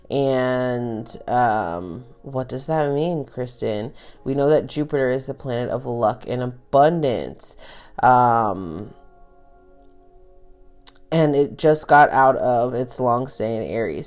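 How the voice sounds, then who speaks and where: A woman's voice: a bass voice, darkish tone. A woman hosting a tarot podcast, talking about astrology in a casual, rambling way, full of fillers and the odd swear word. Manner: rambling, chatty, drops swear words, many fillers.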